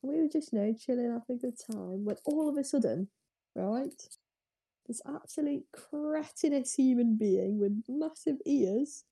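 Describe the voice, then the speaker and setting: A woman with a dark, mellow, slightly husky voice tells a story in easy, casual chat. She is chatty and a little sarcastic, and her pitch sits somewhat high. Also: lively intonation, normal speed. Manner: laughs often, chatty, sarcastic.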